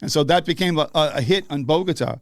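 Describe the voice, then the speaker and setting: A man's voice: a little high, fast, no room sound, clean studio sound. An older man from the northeastern US telling a story in casual chat, profane and laughing, acting out the people in it.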